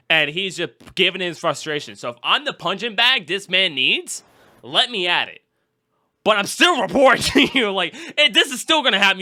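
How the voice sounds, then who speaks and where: Guy hosting a podcast, super bright voice, acts out what people said. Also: on the high side. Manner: animated storytelling, acts out quotes. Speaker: podcast host. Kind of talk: casual chat.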